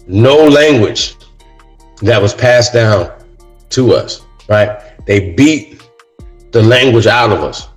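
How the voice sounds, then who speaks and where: A man's voice: mid-range voice, rough recording. A man hosting a casual talk show, speaking in a loose monologue that keeps landing on "man" and "right?", and getting heated as he goes. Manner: says "man" and "right?" often; gets heated. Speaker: podcast host.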